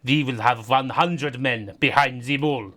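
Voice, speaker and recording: A man's voice: mid-range voice, bright, forceful tone. A man doing a mock-grave impression of a middle-aged male Russian head of state, drawing out his threats. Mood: mock menacing. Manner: mock-grave heavy Russian accent, slow drawn-out threats.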